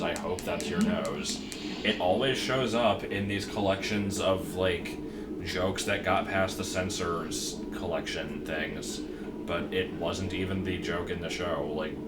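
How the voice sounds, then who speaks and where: Man with a deep voice, casual game-stream chat, rambling and a bit sweary, loud game music behind. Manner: rambling, swears offhandedly, animated when ranting. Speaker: co-host chatting during a game stream.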